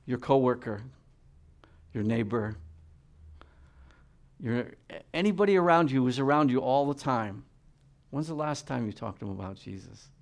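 A man preaching a sermon, reading scripture and swinging between loud emphatic peaks and quiet, low asides. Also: expressive, normal speed, long pauses.

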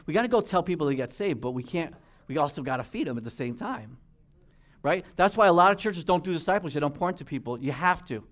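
A man preaching a sermon as pastor, reading King James scripture slowly, then breaking into emphatic, rising exhortations and quick asides. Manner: reads King James scripture in a slower, lower voice.

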